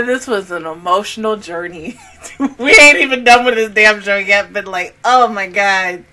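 A woman's voice: a little high, moderate pace, pushed and bright. A young woman hosting an anime reaction vlog, gushing and exclamatory, cursing freely and swinging between laughs and near tears. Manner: casual, swears freely. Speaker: anime reaction channel host.

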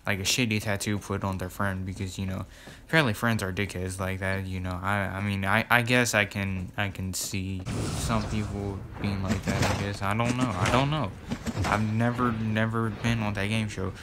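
Loud game gunfire and background noise fill this clip as a man speaks in a low, fairly even voice at moderate speed. He's a YouTuber giving loose, rambling commentary on his gameplay, repeating himself and filling pauses.

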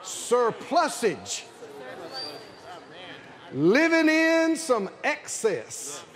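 An older man with a Southern accent preaching a sermon to a convention congregation, calling for responses and rising to shouts. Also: very high-pitched, wildly swooping pitch, very slow. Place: large convention hall with congregation.

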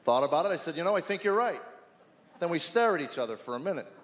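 A man's voice: on the high side, expressive, fast, fairly bright tone. A middle-aged man doing stand-up comedy, telling exasperated stories about his teenage son in a wry, storytelling manner. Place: large theater stage with live audience. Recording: echoey hall, audience laughter.

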